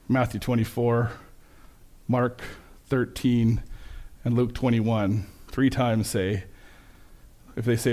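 Male pastor, mid-pitched voice, relaxed preacher who slips into lively quoted voices. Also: takes it slowly. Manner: conversational, self-correcting, animated when quoting. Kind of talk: sermon with slides.

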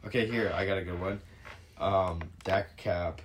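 A young man with a deep, low voice, co-hosting a casual sports podcast. He argues his points with confidence and presses the other host for reasons. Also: steady tone, moderate pace, a little hiss or hum. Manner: opinionated, pushy.

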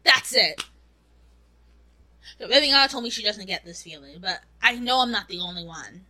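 A woman's voice: medium pitch, lively intonation, moderate pace, sharp tone, rough recording. A young woman co-hosting a podcast, talking candidly in a rambling, casual way and swearing freely. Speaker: podcast co-host. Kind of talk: casual chat.

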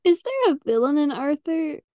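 High-voiced young woman co-host. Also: sing-song, moderate pace, a little mellow, no room sound. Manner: brief replies, easy laughter. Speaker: podcast co-host. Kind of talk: casual podcast chat.

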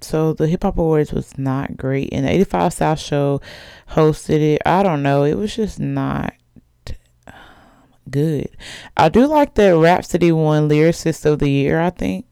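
Chatty young woman with gravelly fry. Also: sits low, warm tone, no room sound, clean studio sound. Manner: chatty, laughs often, gossipy. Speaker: podcast host. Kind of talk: casual chat.

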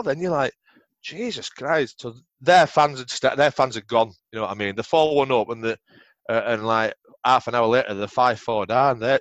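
Swearing Yorkshire ex-footballer, dry muffled sound. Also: male voice, mid-range voice, no room sound. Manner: swears freely, rambling anecdotes. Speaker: podcast guest, former footballer. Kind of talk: casual storytelling interview.

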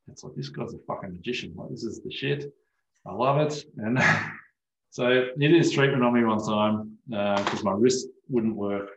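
A man's voice: lowish voice, echoey room, a little hiss or hum, rough recording. A man speaking as an osteopath guest in casual podcast chat, telling stories animatedly and swearing freely.

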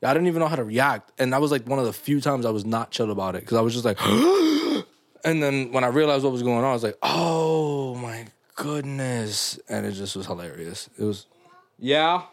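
A young man hosting a podcast, telling stories in a loose, animated way full of slang and laughs. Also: medium pitch, fast, dry recording. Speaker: podcast host. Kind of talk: casual podcast chat.

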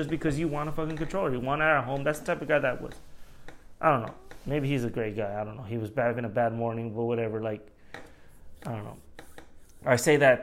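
A man who works as a store manager, venting in a casual monologue, rambling, swearing often and laughing at himself. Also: medium pitch.

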